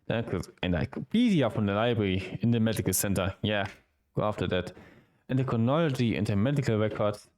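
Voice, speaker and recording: A man streaming a visual novel, reading the game's dialogue aloud with quick asides of his own. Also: on the low side, expressive, darkish tone.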